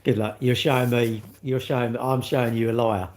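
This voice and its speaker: A man's voice: medium pitch, little pitch movement, a little fast, darkish tone. A middle-aged British man chatting on a livestream, rambling casually and acting out little back-and-forth dialogues. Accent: British English. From United Kingdom. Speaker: livestream host.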